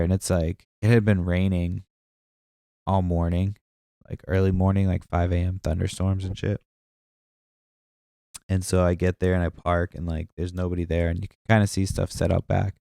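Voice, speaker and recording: Deep gravelly dude w a stuffy nose, rambling and swearing a lot, dry close sound. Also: male voice, dark tone, no echo. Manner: profane, meandering storytelling with many fillers. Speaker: podcast host. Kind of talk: rambling casual monologue.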